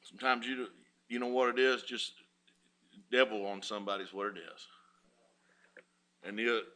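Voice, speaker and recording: A man's voice: fairly low pitch, flat delivery, normal speed, pushed and bright. A man preaching a sermon as pastor, folksy and rising in fervor.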